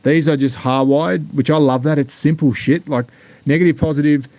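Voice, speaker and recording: A man with an Australian accent, somewhat high-pitched, talking in a loose, rambling live-stream style. He is blunt and jokey and swears freely as he goes, like a hobbyist chatting to viewers. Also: fairly even intonation, normal speed, a little mellow, no room sound. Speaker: slot car channel host. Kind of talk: casual live-stream unboxing chat.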